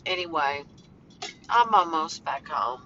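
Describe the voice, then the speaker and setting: A woman vlogging casually while walking home outdoors, talking in a slow, halting way that turns emotional. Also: low voice, lively intonation, sharp tone. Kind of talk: casual vlog talk. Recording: dull phone audio with faint outdoor noise.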